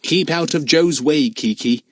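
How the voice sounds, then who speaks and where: Man voicing a plucky young boy, much higher than the narration, urgent and defiant, storybook hero. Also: unhurried, dry recording, studio quality, close to an everyday voice. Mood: relieved. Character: brave young boy, frightened but defiant.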